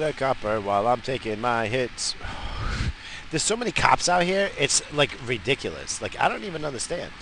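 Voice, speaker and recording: A man's voice: fairly low pitch, noisy background. A man ranting casually and profanely from inside his car, rambling from one thought to the next. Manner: profane, rambling, animated rants. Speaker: vlogger. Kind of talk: rambling stoned casual chat. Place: in a parked car.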